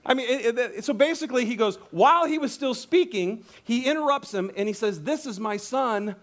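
A man preaching a sermon, telling a story with lively acted-out quotes and casual asides. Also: extremely high pitch, brisk. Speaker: pastor.

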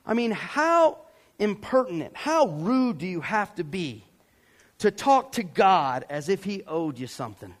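A male pastor with a high voice preaching an emphatic sermon. He mixes relaxed asides to his congregation with bursts of shouting. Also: unhurried.

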